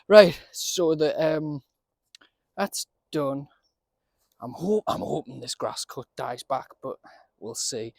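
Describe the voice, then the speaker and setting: A man's voice: medium pitch, expressive, a little slow, vocal fry, dry recording, studio quality. A man giving a casual, chatty running commentary while he works on his allotment garden outdoors, often laughing and talking to himself.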